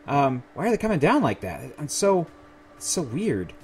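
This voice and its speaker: A man playing a video game demo and commenting, confused and nervous, laughing to himself and breaking into high, panicked shouts when scared. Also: big pitch swings, normal speed, slight background noise. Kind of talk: let's play commentary.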